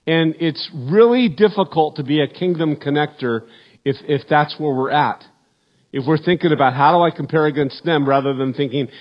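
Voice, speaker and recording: A middle-aged man preaching a sermon as pastor, earnest and repeating words, his voice falling low at the end of points. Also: dull audio. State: emotional, choked up.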